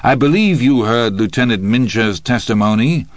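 A man's voice: mid-range voice, lively intonation, normal speed, no room sound, natural voice. A man voicing a sarcastic, hectoring male prosecutor who fires pressing questions in court.

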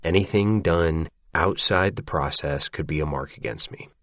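Deep-voiced man narrating a story. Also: normal speed, fairly bright tone, dry recording. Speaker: audiobook narrator. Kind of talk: scripted first-person narration.

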